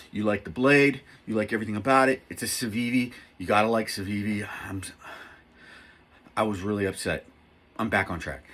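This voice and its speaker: Middle-aged man, husky voice, casual and rambling, excitable vlog delivery. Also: lowish voice. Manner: rambling, excitable, self-mocking. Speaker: knife reviewer. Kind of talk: casual talk to camera.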